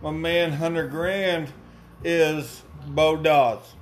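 A young adult man hosting a podcast, joking loudly and swearing in casual chat. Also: a little high, steady tone, very slow, slight background noise. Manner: loud, joking and profane. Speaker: podcast host.

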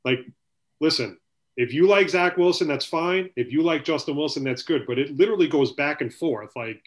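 A man's voice: fairly high pitch, normal speed. A man hosting a casual sports podcast, rambling and swearing, with a lot of "you know" filler. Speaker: podcast host.

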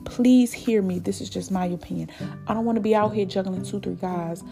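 Woman podcast host, emphatic and candid, mid-range voice, clear guitar bed behind. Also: mid-range voice, brisk. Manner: emphatic, repeats herself for stress. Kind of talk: candid solo opinion talk. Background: guitar music.

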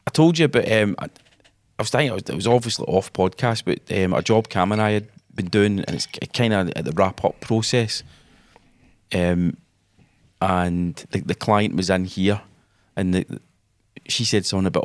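A man's voice: low voice, normal speed, no room sound. A young Scottish man co-hosting a casual podcast, sardonic and sweary, drawling some phrases. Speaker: podcast co-host. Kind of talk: casual chat.

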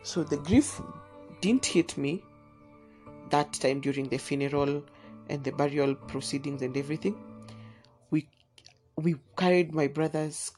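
A woman tells a personal story in an earnest, halting way. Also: deep voice, darkish tone, faint music behind. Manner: earnest, halting, with fillers and restarts.

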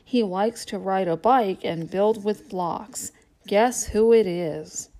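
A woman's voice: mid-range voice, slow pace, dark tone. A woman reading a children's storybook aloud as a playful guessing game.

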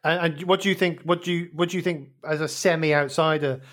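Middle-aged male podcast host, a touch higher-pitched, casual and jokey. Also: steady tone, brisk, fairly bright tone.

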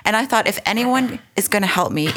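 A woman's voice: mid-range voice, animated, a little fast, a bit bright. A woman, earnestly telling her own story as an interview guest, with frequent restarts and asides. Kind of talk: personal storytelling in conversation.

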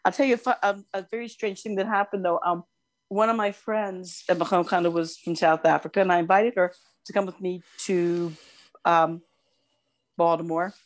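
Older woman co-host, low-pitched, casual storyteller. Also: normal speed. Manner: animated storyteller, gushing over cute animals. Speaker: podcast co-host.

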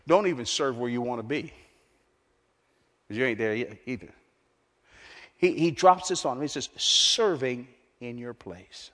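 A man preaching a sermon in a church, emphatic and repetitive, swinging between loud, lifted lines and hushed ones. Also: mid-range voice, animated, moderate pace, long pauses. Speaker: pastor. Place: large church hall. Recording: long reverb of a large hall.

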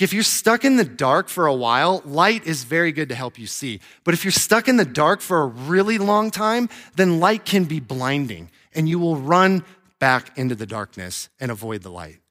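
A young adult male pastor preaching a sermon in a conversational, animated way, acting out quoted voices. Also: fairly high pitch, normal speed.

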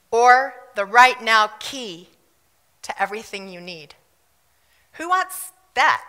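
A woman from South Africa preaching a fervent, emphatic sermon with loud bursts of declaration. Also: fairly high pitch, in a large hall. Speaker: pastor.

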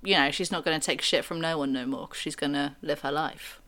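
A woman's voice: low voice, fairly even intonation, fairly quick, sharp tone. A woman in casual comedic banter, playfully self-mocking as a mock auditioner.

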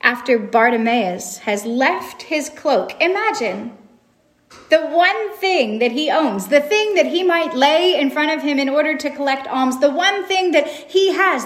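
Woman preacher, unhurried delivery, reflective, rhetorical questions. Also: high voice. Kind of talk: sermon.

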